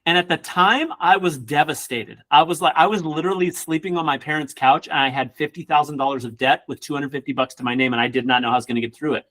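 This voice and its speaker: A man who works as a real estate coach, giving an energetic motivational class with casual joking asides. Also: on the high side, fast, few pauses. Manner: energetic, acts out quoted people in voices.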